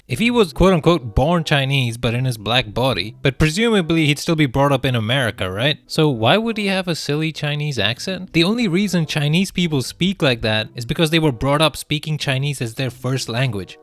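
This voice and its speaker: A man's voice: medium pitch, animated, normal speed, few pauses, a bit bright. A man in his twenties narrating a video essay, argumentative and sarcastic. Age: 20s. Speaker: commentary host.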